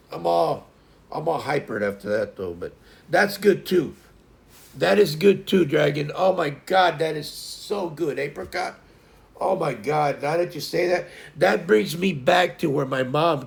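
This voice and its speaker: A man's voice: fairly high pitch, unhurried, gravelly. A man in his fifties hosting a live stream, chatting casually in a folksy, meandering way with lots of fillers and restarts. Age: 50s. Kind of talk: rambling casual chat.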